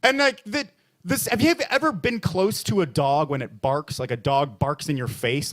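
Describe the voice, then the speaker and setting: A man's voice: very animated, normal speed. A man hosting a bar comedy open mic, rambling through a stand-up bit with lots of fillers and restarts, jumping into mock voices for the punchlines. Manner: jumps into high mock voices and low pompous voices for bits.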